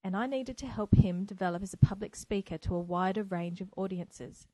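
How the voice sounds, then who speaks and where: Enthusiastic teacher woman, mellow dry voice. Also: mid-range voice, brisk, no echo, poor audio. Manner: earnest, enthusiastic. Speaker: teacher and podcaster. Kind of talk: solo educational podcast. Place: home, by a window. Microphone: microphone.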